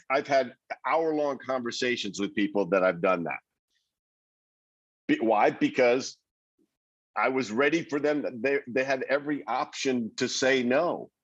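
A man being interviewed, giving conversational advice in an animated way, acting out what other people might say. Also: mid-range voice, breathy edge, no echo, muffled recording. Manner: animated, acts out quoted reactions, repeats words. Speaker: interview guest.

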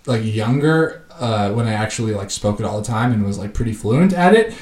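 A man hosting a casual podcast chat, relaxed and easygoing, often answering with short agreeing replies. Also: lowish voice, fairly quick, distant mic. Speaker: podcast host. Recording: roomy echo, set back from the mic.

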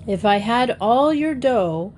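A woman voicing a friendly, relaxed young man who jokes with children and gives warnings. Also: on the high side, takes it slowly, slight background noise. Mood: easygoing. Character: young man Tom, easygoing and kind driver.

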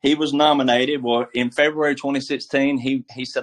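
A man's voice: medium pitch, little pitch movement, moderate pace. A man giving casual political commentary as a guest, emphatic and preachy, with a folksy, filler-heavy way of talking. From military background.

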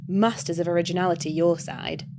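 A woman's voice: fairly low pitch, fairly even intonation, fairly quick, lightly acted. Crowley, a woman doing a sardonic demon. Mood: teasing. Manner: dry, teasing and mocking. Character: sardonic laid-back male demon. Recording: background hiss.

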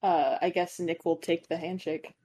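A woman's voice: fairly low pitch, steady tone, normal speed, dark tone, slight background noise. A young woman playing in a tabletop game, chatty and polite. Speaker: player.

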